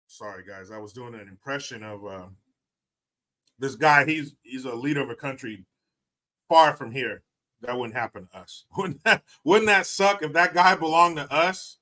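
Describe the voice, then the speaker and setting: A man's voice: mid-range voice, normal speed, pushed and bright. A man hosting a livestream who reads out viewer messages and banters in a joking, profane, laid-back way. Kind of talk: casual chat.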